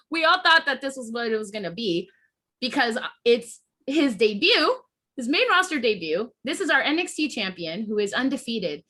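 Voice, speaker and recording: A woman podcast host rants in a casual, heated way, swearing freely and breaking off to restart her thoughts. Her voice sits a bit high and sounds bright and sharp. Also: big pitch swings, normal speed. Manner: heated, profane, emotional venting with restarts.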